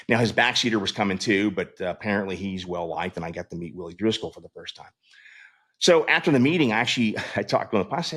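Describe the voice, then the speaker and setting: A man's voice: sits low, fast, fairly bright tone. Rambling, profane middle-aged man. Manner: rambling, profane, with many fillers and restarts. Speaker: host and Navy veteran. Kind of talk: casual storytelling monologue.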